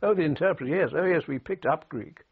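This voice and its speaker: Older man with gravelly, husky voice. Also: a little high. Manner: anecdotal, halting restarts, dry humour. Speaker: war veteran interviewee. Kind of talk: oral history interview, recollection. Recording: tinny phone-like archive recording.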